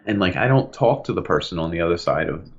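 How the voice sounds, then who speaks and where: Deep-voiced and fast, this male podcast co-host comes through on a muffled recording. He's swapping stories in a laid-back chat, laughing often and performing the quotes with animated flair.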